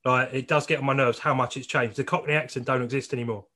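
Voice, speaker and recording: Bright, chatty man. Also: medium pitch, fairly even intonation, quick pace. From southeast England. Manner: chatty, repeats words, laughs easily. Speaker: podcast host. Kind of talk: casual podcast chat.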